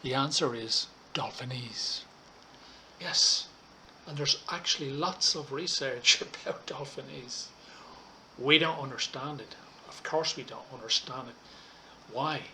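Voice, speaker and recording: A man teaching an English lesson online, talking students through slides in a slow, deliberate way and checking in with frequent "okay"s. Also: medium pitch, bright, forceful tone, a little hiss or hum. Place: Thailand.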